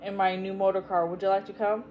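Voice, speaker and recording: A cheerful, good-natured storybook uncle, as a woman reader puts him on. He speaks in a bright, inviting way. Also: medium pitch, level tone, fast talker, muffled recording, a little hiss or hum, natural voice. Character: cheerful uncle, middle-aged lawyer.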